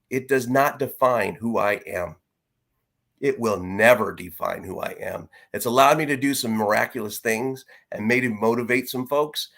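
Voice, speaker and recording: A middle-aged man speaks as a guest in a conversation, telling his own story. His voice sits at an ordinary middle pitch. He sounds earnest and reflective and often breaks off and starts a phrase again. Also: a bit bright. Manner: earnest and reflective, with halting restarts. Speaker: interview guest.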